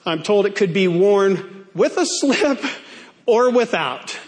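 A man's voice: high-pitched, lively intonation, slow. A male pastor preaching a sermon in a playful way, stretching key words out for emphasis.

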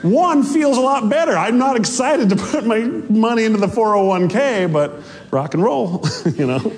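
Lively, joking male preacher in a hall. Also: sits high, normal speed. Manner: animated, joking, laughs often. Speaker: pastor. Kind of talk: sermon. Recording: long hall reverb.

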